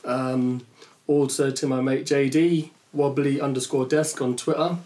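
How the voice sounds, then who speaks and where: A man guest on a podcast giving shout-outs, hesitant with many ums. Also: medium pitch, fairly even intonation, measured pace. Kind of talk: casual chat.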